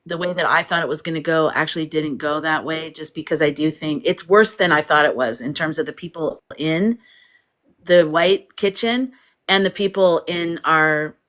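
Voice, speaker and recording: A woman with a somewhat low voice hosts a casual livestream. She chats freely, reads viewer comments aloud and laughs often. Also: moderate pace, a bit bright. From United States. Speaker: livestream host.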